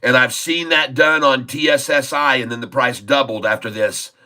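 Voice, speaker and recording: Speaking at normal speed in a steady, mid-range voice that is bright and forceful, a man hosts a stock trading livestream. His commentary on the market is casual but emphatic, repetitive, and peppered with "folks."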